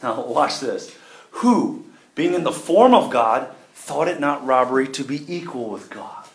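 Preaching in a church, a middle-aged man uses a mid-range, expressive voice at a slightly slow pace. He is folksy and emphatic and shifts his volume. The room echoes, with faint noise in the background.

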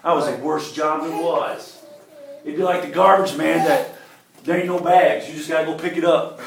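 Folksy preacher, echoey church. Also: male voice, on the high side, fairly even intonation, normal speed, gravelly. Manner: folksy, emphatic preaching with shifting volume. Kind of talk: sermon. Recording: echoey room with faint noise.

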